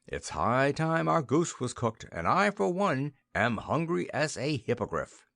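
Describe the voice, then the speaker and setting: A man voicing a plump, jolly old king in a storybook reading, with a raised, drawn-out, excitable delivery. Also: mid-range voice, gravelly, dry recording, pitched above the performer's own voice, heavily acted. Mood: gleeful.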